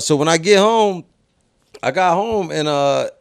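A man's voice: on the high side, expressive, measured pace, creaky, no echo, clean studio sound. A man from Philadelphia with a Philly accent, a podcast guest telling laid-back stories, swearing freely and acting out his friends. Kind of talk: casual storytelling.

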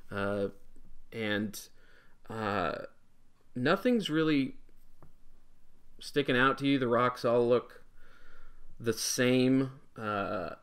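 A man running a tabletop game as dungeon master, talking haltingly with many filler words. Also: medium pitch, lively intonation, a bit bright, smooth.

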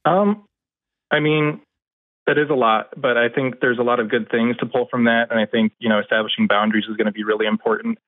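A man's voice: medium pitch, steady tone, brisk, dry recording. A man in his twenties calling an advice show, hesitant and thoughtful, with many fillers. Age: 20s. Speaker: caller. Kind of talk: call-in conversation. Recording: tinny phone line.

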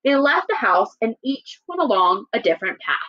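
Teacher lady, super animated, kinda high voice, reading a story, muffled lo-fi sound. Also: moderate pace. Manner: animated, checks in with listeners often. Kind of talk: classroom lesson and read-aloud.

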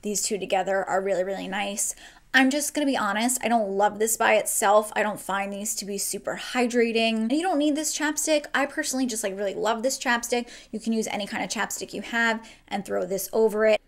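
A woman's voice: mid-range voice, brisk. A young woman from New Jersey chatting casually through a makeup tutorial at home, gushing and swearing casually. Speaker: beauty vlogger. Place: at home, indoors.

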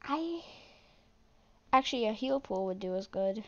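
A young woman commenting on her own gameplay in a flat, self-deprecating way, muttering to herself as she plays. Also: medium pitch, measured pace, lo-fi sound. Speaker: gaming channel host.

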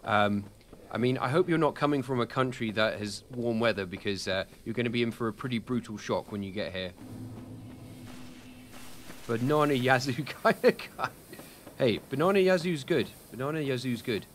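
A young British man streams a game and chats casually, rambling with plenty of ums and self-deprecating jokes as he answers chat. His voice is medium-pitched and fairly bright at a normal speed, with a little hiss or hum in the recording.

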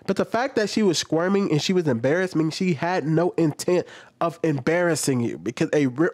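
Laughing and lively, a man offers offhand commentary on a clip, putting on a deeper mock voice to perform the retorts.

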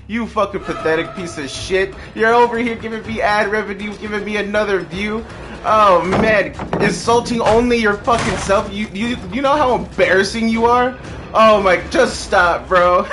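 A man's voice: high voice, moderate pace. A young man streaming gameplay live, trash-talking and mocking with profane taunts and bursts of laughter over game music.

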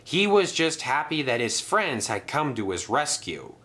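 A man narrating a children's train story in a lively storybook style. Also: mid-range voice, unhurried.

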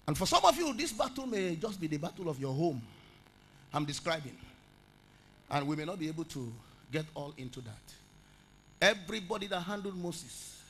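A man preaching a sermon, swinging from low spoken phrases to shouted, chanted lines and prayer in tongues. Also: a little hiss or hum. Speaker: pastor. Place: church meeting at a camp.

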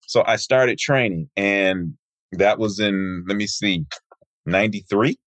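A lower-pitched man in his fifties, a martial arts teacher from Michigan, tells long personal stories as a podcast guest. He slips into other people's voices when he quotes them. The recording is close and dry, with no room sound. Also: no echo. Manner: lively storyteller who acts out quoted people. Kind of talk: interview guest storytelling.

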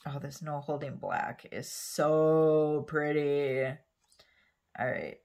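This nail art vlogger, a woman, tells a meandering story with plenty of fillers as she does her nails, occasionally softening almost to a whisper mid-task. Her voice is low and her delivery slow.

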